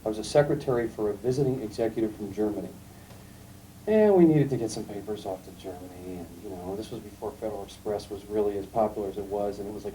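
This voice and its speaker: A middle-aged man giving a classroom lecture, telling anecdotes in a calm, emphatic storytelling way. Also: fairly low pitch. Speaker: guest lecturer. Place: lecture room. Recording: distant mic, faint room noise, archival tape.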